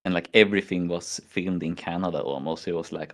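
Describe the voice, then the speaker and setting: Man, Swedish accent, low-pitched, casual stream chat, rambling storyteller. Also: fairly even intonation, a little fast, hardly any pauses. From Sweden. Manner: rambling storyteller who acts out his own reactions. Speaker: stream host.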